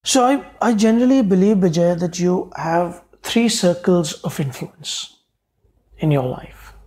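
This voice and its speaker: A man, an entrepreneur guest, telling his story in an interview in an earnest, halting way with restarts. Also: sits high, a little mellow.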